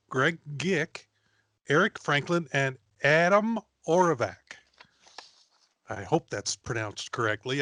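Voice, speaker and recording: A man's voice: a little high, a bit bright, no room sound. A man hosting a podcast in casual chat who laughs easily and reads out credits. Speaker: podcast host.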